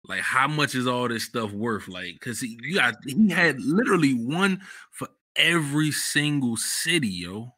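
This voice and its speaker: Slangy podcast host, bright dry sound. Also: male voice, measured pace, dry recording. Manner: relaxed slangy storytelling, bursts of high excitement. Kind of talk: casual chat.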